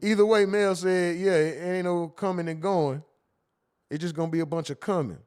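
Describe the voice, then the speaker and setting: A man hosts a casual livestream, reading viewers' comments aloud. His voice sits high and he jokes loosely with the chat. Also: normal speed, smooth. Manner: animated, laughing, reads chat comments aloud in a joking tone.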